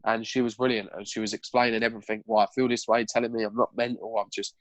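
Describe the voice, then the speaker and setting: A man's voice: on the low side, flat delivery, fast talker, no echo, dull audio. A young man telling his personal story as a podcast guest, raw and candid, swearing freely.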